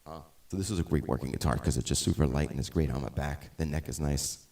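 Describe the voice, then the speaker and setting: Talking quickly in a very low, creaky, darkish voice, this middle-aged live-stream host and musician chats between songs. His talk rambles, with restarted sentences and frequent tangents.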